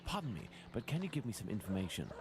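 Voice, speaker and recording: An actor voicing a polite, curt Victorian gentleman in a video game. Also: lowish voice, very animated, very fast. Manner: formal, curt.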